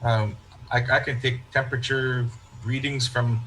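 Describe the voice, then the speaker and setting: A man's voice: mid-range voice, little pitch movement, normal speed, sharp tone, slight background noise, low-quality recording. A man, a parish priest, talking in a casual interview and telling stories that he acts out with quoted remarks and frequent restarts.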